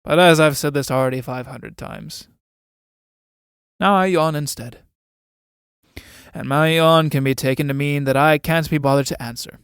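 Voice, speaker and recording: A man's voice: a little high, fairly even intonation, normal speed, long pauses, fairly bright tone, clean tone, dry recording. A man playing a sardonic, stingy army captain. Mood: mocking. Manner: dry, mocking.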